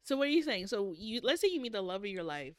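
A woman's voice: medium pitch, sing-song, quick pace, no room sound, clean studio sound. A young woman co-hosting a casual book chat, playful and teasing, spinning silly scenarios. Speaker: podcast co-host.

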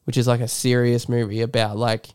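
Aussie bloke rambling thru a movie recap, laughs a lot, smooth clear voice. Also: male voice, mid-range voice, level tone, fairly quick, darkish tone. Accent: Australian. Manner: rambling, laughs often, swears casually. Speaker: podcast co-host. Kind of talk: casual film review chat.

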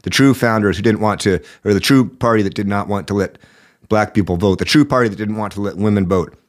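A man's voice: lowish voice, quick pace. A man hosting a political podcast, giving indignant commentary with a sore throat. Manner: indignant, rising emphasis. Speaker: podcast host.

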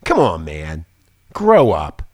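A man's voice: rumbling low, wildly swooping pitch, takes it slowly, slightly rough, no echo, studio quality. A man hosting a talk radio show, ranting angrily and swearing often. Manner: angry, profane, insulting.

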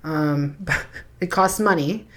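A woman's voice: sits low, slow pace, fairly bright tone. Blunt, foul-mouthed woman podcast co-host. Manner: blunt, swears freely, self-deprecating. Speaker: true crime podcast co-host. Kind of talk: casual profane storytelling.

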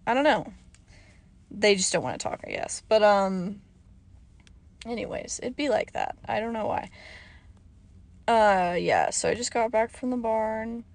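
A young woman hosting her own podcast, chatting casually and rambling off topic with lots of fillers, her voice a little hoarse. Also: medium pitch, lively intonation, a little slow, pauses often, no room sound. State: slightly hoarse. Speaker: podcast host. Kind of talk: casual solo podcast chat.

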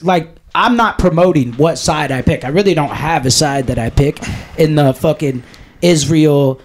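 A man's voice: on the high side, normal speed, slight background noise. A man with a slightly raised voice rambles through a casual podcast chat. He is blunt and profane and wanders between thoughts as he talks. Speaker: podcast co-host.

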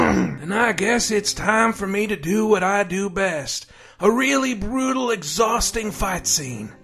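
A man voicing a cocky rival actor in a comedy sketch, with a gravelly, mumbling, smug delivery. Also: mid-range voice, sing-song, drawn-out words, a bit bright, faint music behind, pitched below the performer's own voice, full character voice.

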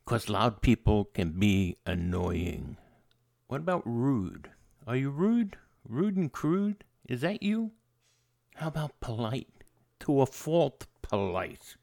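A man's voice: mid-range voice, expressive, slow pace, darkish tone. A man hosting a monologue podcast, firing off rhetorical questions with jokey asides. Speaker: podcast host.

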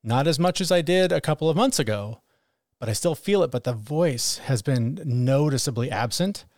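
A man talking frankly on a podcast, sprinkling his speech with profanity and now and then voicing the cruel critic in his head. His voice sits at an ordinary middle pitch. The sound is dry and close, with no room around it. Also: lively intonation, moderate pace, a little mellow, no room sound. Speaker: podcast co-host. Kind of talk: candid conversational chat.

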